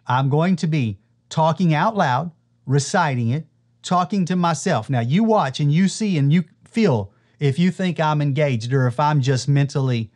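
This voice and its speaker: A man, a Christian teacher preaching to camera, emphatic and repetitive, slowing down to stress his points. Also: on the high side, darkish tone.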